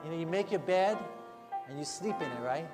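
A man's voice: on the high side, animated, fairly quick. A man preaching a sermon in a church, earnest and conversational, often adding rhetorical asides to the congregation. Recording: long hall reverb, faint music behind.

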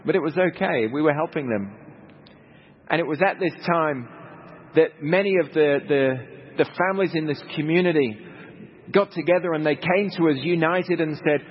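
A man's voice: on the high side, moderate pace, breathy edge. A middle-aged Australian man, a missionary speaker, telling anecdotes to a congregation in a conversational way with humorous asides. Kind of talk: storytelling talk to a congregation. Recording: dull lo-fi recording with hall reverb, faint noise.

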